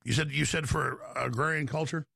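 A middle-aged man hosts a call-in radio show, talking in a forceful, ranting way that jumps about in pitch and speed. His voice is rough and gravelly, and it sits a little high for a man. The sound is dry and close. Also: fairly even intonation, a little fast, no echo. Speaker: radio talk show host.

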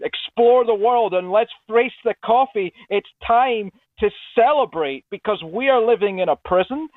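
A man from Scotland calls a radio show and speaks in a measured, earnest way. His voice sits fairly high. The sound is thin and tinny, as on a phone line, and dry. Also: dry recording. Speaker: caller. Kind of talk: radio call-in.

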